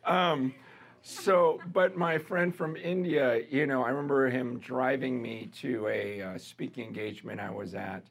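Husky-voiced conversational male pastor. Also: medium pitch, measured pace. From American. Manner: conversational, lively, laughs with the congregation. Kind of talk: sermon.

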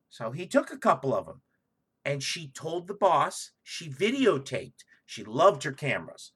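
Podcast co-host, man, husky, bright, swears a lot, very animated delivery. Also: fairly high pitch. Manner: profane, loud and animated storytelling. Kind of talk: casual comedic chat.

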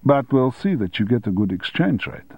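A man reading an audiobook, voicing a calm German garage mechanic who speaks dryly and without hurry. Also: medium pitch, breathy edge, no echo, highs cut off. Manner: dry, unhurried, unmoved. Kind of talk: audiobook character voice.

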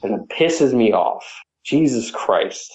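A man ranting heatedly about games on a podcast, swearing constantly, his voice climbing high when angry. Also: lively intonation, slow, a little mellow. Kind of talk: profane ranting gaming chat.

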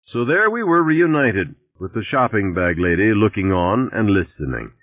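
A man's voice: on the low side, big pitch swings, moderate pace, dry recording. A man reading a novel aloud in a dry, wry first-person voice. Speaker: audiobook narrator. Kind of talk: audiobook reading. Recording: tinny dry lo-fi recording.

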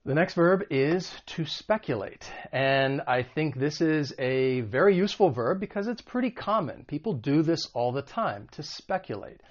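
A man's voice: a little high, lively intonation, normal speed, hardly any pauses, highs cut off. A man teaching English vocabulary in a video lesson, explaining in a friendly way and putting questions to the viewer.

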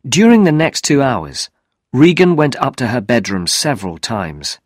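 A man narrating a graded reader story in a slow, clear, deliberate way. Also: medium pitch, sing-song, no echo, studio quality.

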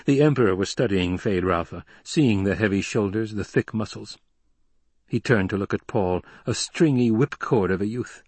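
Male narrator, husky, dry close sound, steady read. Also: on the low side, moderate pace, no echo. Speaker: audiobook narrator. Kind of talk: scripted narration.

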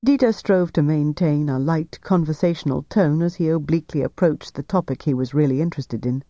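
A man narrating a novel aloud in a measured, even storytelling manner. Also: a little high, no room sound, muffled recording. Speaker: audiobook narrator.

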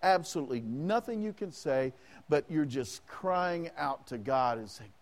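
A man's voice: fairly high pitch, expressive, a little slow. A man preaching a sermon as pastor, asking the congregation questions and acting out prayers in the first person.

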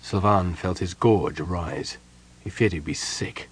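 Low, husky-voiced male audiobook narrator. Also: slow pace, no echo. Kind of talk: scripted narration.

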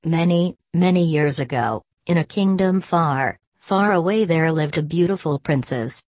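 Low-voiced woman reading a fairy tale. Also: a little slow, a little mellow, no room sound. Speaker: storyteller. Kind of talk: scripted fairy tale narration.

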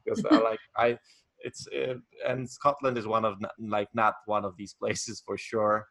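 A man, chatting casually as an interview guest from his home office, halting often with fillers and restarts. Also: fairly low pitch, flat delivery, gravelly, fairly bright tone. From Poland. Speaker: guest, wedding photographer.

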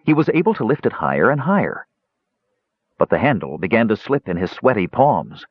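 A man narrating a fantasy story as an audiobook reader, telling it in an animated way. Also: on the low side, fairly quick, husky, muffled recording.

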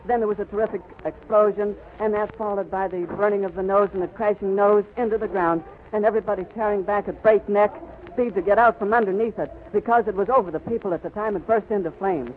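Crackly 1930s radio reporter, high voice. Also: male voice, fairly even intonation, fast. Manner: vivid, flowing description. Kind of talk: live on-the-spot radio report. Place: outdoors on an airfield. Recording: crackly 1930s radio recording, phone-like band.

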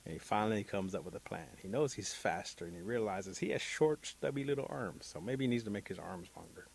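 A man telling a traditional story as a guest, in a relaxed, animated way. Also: fairly low pitch, a little fast, vocal fry, husky.

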